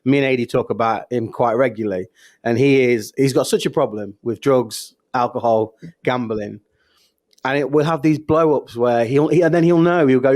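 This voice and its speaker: A man co-hosting a podcast in casual chat, halting and restarting his sentences as he thinks. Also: medium pitch, darkish tone. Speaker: podcast co-host.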